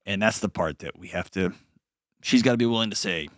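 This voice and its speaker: A man hosting an advice call-in show, talking in an earnest, conversational way and gently reassuring a caller. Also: on the low side, a little fast, no echo, studio quality.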